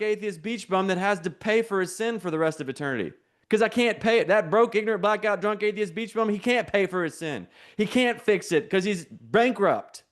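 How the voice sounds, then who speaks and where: A fairly high-pitched man preaching with energy and a conversational edge. He repeats his key phrases and has the listeners say them back to him. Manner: call-and-response, repetitive. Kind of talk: sermon.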